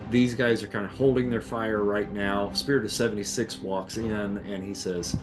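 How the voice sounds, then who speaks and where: A man narrating a tabletop game as game master, relaxed and full of fillers, over background music. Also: lowish voice, moderate pace, few pauses.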